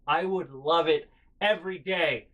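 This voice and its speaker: A man's voice: fairly high pitch, a little slow, phone-quality sound, voice pushed up, natural voice. A man voicing his adult sister in a raised, pleading tone as he retells an argument. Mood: insistent. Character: whiny adult sister, cheerfully insistent.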